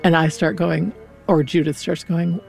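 A woman's voice: lowish voice, normal speed, vocal fry, faint music behind. A woman opera singer in an interview, telling a story animatedly and acting out the characters' lines. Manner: animated, acts out characters' lines while retelling. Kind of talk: conversational interview.

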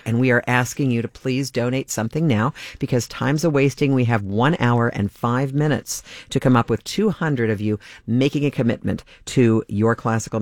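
A man's voice: mid-range voice, no room sound. Chatty male radio host, dry studio sound. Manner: chatty, restarts sentences, laughs easily. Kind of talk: on-air fundraising appeal. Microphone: studio microphone.

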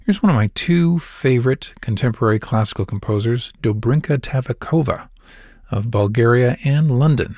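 A male classical radio announcer with a mid-pitched voice speaks in an easy, conversational tone. The sound is close and dry, like a studio booth with no room echo. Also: moderate pace, darkish tone.

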